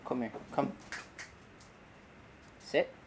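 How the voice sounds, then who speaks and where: A man's voice: very slow, noisy background. A man hosting a casual livestream from his hobby room, rambling and joking while he fixes his camera and talks to his dog. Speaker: livestream host.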